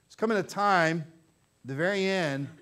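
A man's voice: high-pitched, normal speed, fairly bright tone. A pastor preaching a sermon with fervor, repeating phrases for emphasis before his congregation. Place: church sanctuary.

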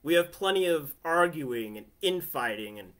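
A man's voice: fairly high pitch, expressive, moderate pace, fairly bright tone. A man preaching a sermon from his family living room in a conversational way, often asking listeners "right?". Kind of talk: home sermon.

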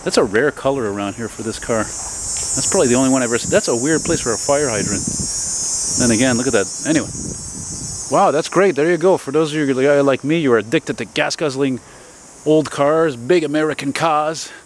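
A man's voice: mid-range voice, a little fast. A man, chatting casually as he walks outdoors along a city street, rambling and swearing now and then. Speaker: vlogger. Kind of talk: casual walking commentary. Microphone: handheld camera while walking. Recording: noisy outdoor street recording. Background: passing traffic.

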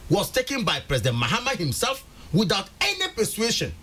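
Animated Ghanaian man, emphatic. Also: high-pitched, a little fast, slight background noise. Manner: emphatic, repeats words for stress. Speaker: political commentator. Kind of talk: studio panel discussion.

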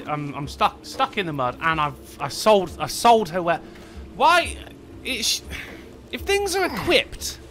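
A man streaming a video game, chatting with viewers, excitable and swearing, yelling when things go wrong. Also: on the high side. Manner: excitable, sweary, yells in panic. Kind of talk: live game commentary.

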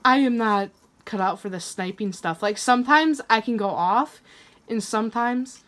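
A young woman with a fairly high voice gives running commentary on an online shooter match. She is quick to anger, swearing and yelling at the other players, with a faint hiss of noise under her voice. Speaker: gaming channel host. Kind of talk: live gameplay commentary.

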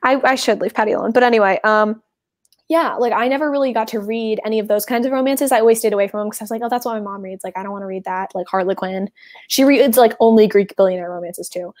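A woman's voice: medium pitch, fast talker, darkish tone. A woman in her twenties from Texas with a Texan accent, hosting a book club livestream over a video call in a chatty, rambling, self-deprecating way. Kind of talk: casual livestream chat.

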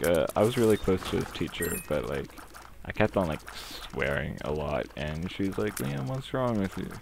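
Young male gamer, low gravelly voice, unhurried, swears freely, noisy home recording. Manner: rambling, swears a lot, filler-heavy. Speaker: gaming commentator. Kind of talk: casual gameplay commentary.

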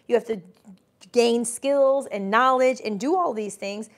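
A woman in her forties with a voice on the high side speaks a little slowly while hosting a casual livestream. The business coach offers emphatic motivation, reads chat comments aloud, and imitates doubters mockingly.

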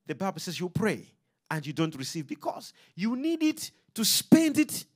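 A man preaching a sermon to a congregation, animated and full of call-and-response questions. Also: high voice, moderate pace.

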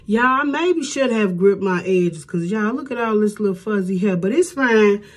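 A middle-aged woman talking casually to her viewers at home, chatty and warm with plenty of y'all. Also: medium pitch, lively intonation, normal speed. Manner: chatty, addresses viewers as y'all, Southern US speech. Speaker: hair vlogger. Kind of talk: casual vlog chat.

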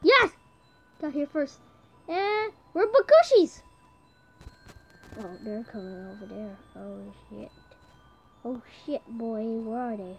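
A young woman giving casual gameplay commentary, excitable, shouting and swearing at the game. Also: on the high side, slow pace, pauses often, dull audio, slight background noise. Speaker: gamer.

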